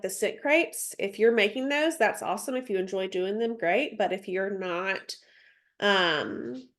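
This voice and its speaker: A woman's voice: fairly high pitch, a bit bright. A woman with a stuffy nose mentoring a sales team on a video call, chatty, with many ums and asides as she reads through slides. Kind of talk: casual training session, reading slides.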